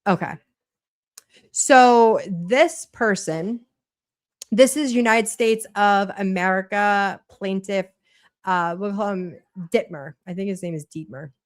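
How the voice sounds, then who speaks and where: A woman's voice: mid-range voice, takes it slowly, dry recording, clean studio sound. A woman with a Boston accent hosting a casual livestream, chatty and blunt, swearing freely while she reads a court document aloud. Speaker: livestream host.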